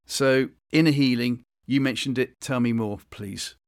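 A man in his sixties hosting an interview, asking questions with measured, rambling lead-ins. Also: mid-range voice, no echo, clean studio sound. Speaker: podcast host, interviewer. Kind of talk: interview chat.

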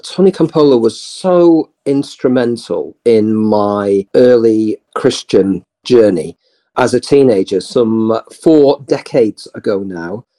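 A man in his fifties with a mellow, darker tone, speaking very slowly. He recalls his early faith in an earnest, reflective way. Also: on the low side. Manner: slow, earnest recollection. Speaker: guest, author and chief executive. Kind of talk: reflective testimony.

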